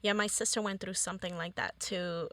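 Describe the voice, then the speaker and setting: A woman's voice: mid-range voice, steady tone, fairly bright tone, dry recording. A woman hosting a podcast, telling stories casually and quoting the people in them. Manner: slow, drawn-out storytelling, quoting people. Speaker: podcast host. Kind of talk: casual interview chat.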